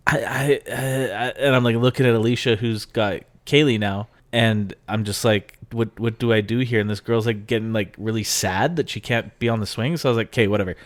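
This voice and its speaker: A man's voice: fairly low pitch, fairly quick, hardly any pauses, no room sound. A man from Canada co-hosting a podcast, telling a story in casual chat and mimicking the people in it. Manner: animated storytelling, mimics voices in quotes. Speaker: podcast co-host.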